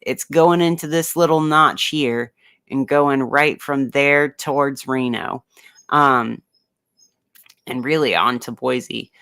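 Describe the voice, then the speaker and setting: Slow, bright-voiced man hosting a weather stream. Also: medium pitch, steady tone, creaky, clear, resonant tone, no room sound. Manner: rambling and playful, with many fillers. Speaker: comedic weather host. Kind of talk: casual livestream weather commentary.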